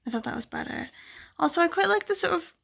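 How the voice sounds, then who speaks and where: Chatty woman with a gravelly voice. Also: very high-pitched, lively intonation, quick pace, fairly bright tone. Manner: chatty, rambling, full of "like" and "blah, blah, blah". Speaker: book vlogger, readathon co-host. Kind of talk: casual chat to camera. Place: at home.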